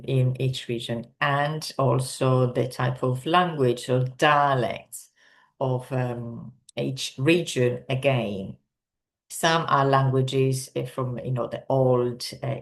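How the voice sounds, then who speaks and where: A woman from Sardinia with an Italian accent, teaching in English in an unscripted talk full of ums, pauses and restarts. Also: rumbling low. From Sardinia, Italy. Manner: hesitant, many ums and restarts.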